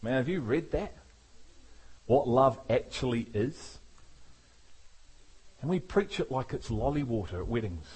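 A man preaching a sermon as pastor, animated, acting out the voices of the people he quotes. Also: mid-range voice, measured pace, long pauses, husky.

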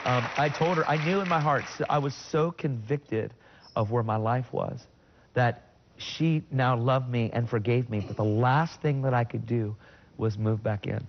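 A middle-aged man tells his personal faith testimony with earnest emotion. He sits at an ordinary pitch for a man, but his voice leaps high in sudden bursts when he quotes his own words. The recording is a little dull and lo-fi. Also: unhurried, a faint crowd, a little hiss or hum. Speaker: guest sharing his testimony.

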